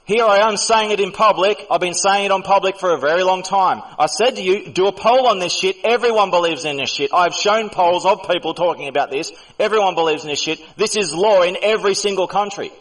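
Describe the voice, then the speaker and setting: A man argues fast and insistently over voice chat, lecturing as if laying down the law. His voice sits a little high and comes through from some distance off the mic. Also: a bit bright. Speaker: voice chat server host. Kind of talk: heated online debate. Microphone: computer mic in voice chat.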